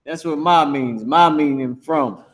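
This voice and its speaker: A man's voice: fairly high pitch, measured pace. A man teaching a live online language class, talking casually, repeating himself, and grumbling when the stream drops. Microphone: streaming to Facebook and YouTube.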